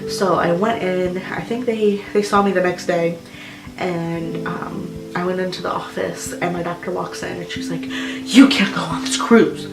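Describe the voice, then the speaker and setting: A woman's voice: lowish voice, level tone, normal speed, gravelly, distant mic. A young woman vlogger telling a personal story in a rambling way, full of fillers like "like" and "um". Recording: roomy echo with music behind.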